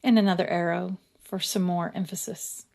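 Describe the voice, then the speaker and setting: A woman casually explaining her journaling steps as she works, now and then slowly reading verses aloud. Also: lowish voice, creaky. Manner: relaxed, chatty, reads verses aloud slowly. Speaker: creator. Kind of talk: casual craft tutorial narration.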